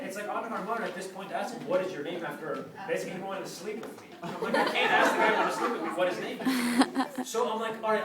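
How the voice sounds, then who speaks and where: A man telling a comic story live, acting out the people he quotes in funny voices. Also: high voice. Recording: distant mic, roomy echo, loud crowd. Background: audience laughter.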